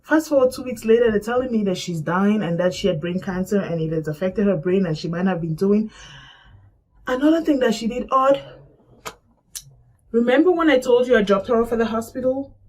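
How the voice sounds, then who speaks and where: Animated woman retelling a painful memory. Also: medium pitch, fairly quick. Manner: animated, acts out past conversations. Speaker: vlogger sharing a personal loss. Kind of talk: emotional personal storytelling. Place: Canada.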